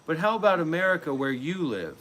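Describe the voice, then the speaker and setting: A man's voice: a little high, sing-song, a little fast, a bit bright, slight background noise. A man ranting profanely as a mock guru on a comedic livestream, scolding and threatening viewers.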